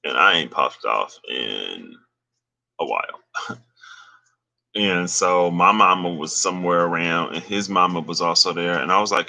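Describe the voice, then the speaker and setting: A man casually recounting a dream, relaxed and slangy, chuckling now and then. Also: deep voice, moderate pace, gravelly. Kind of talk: casual storytelling.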